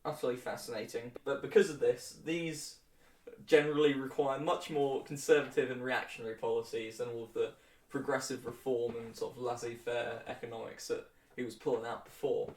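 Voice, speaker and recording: A man's voice: medium pitch, steady tone, a little fast, darkish tone. Young man, casual history lecture, flippant asides, distant mic, roomy echo. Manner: flippant, jokey asides with chuckles. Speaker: history tutor.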